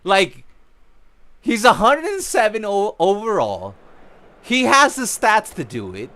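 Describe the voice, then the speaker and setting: A man's voice: high-pitched, huge pitch swings, slow, sharp tone. A young man streaming a football video game, ranting with frequent swearing in casual commentary. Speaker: gaming streamer.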